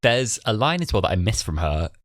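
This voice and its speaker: A young man in his twenties co-hosts a podcast, talking in a lowish voice with lively ups and downs. He laughs often and hurries through his stories. The recording is dry and close. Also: a little fast, dry recording. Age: 20s. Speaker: podcast co-host. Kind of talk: casual chat.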